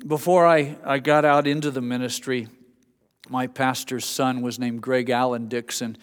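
A man's voice: mid-range voice, little pitch movement, moderate pace, clean tone. A man preaching a sermon as a pastor, telling folksy stories between scripture. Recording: long hall reverb.

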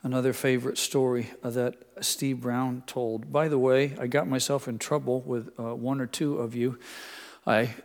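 An older man preaching a sermon, telling stories full of quotes and dropping his voice soft for emphasis. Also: mid-range voice, fairly even intonation, normal speed, gravelly. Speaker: pastor. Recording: long hall reverb.

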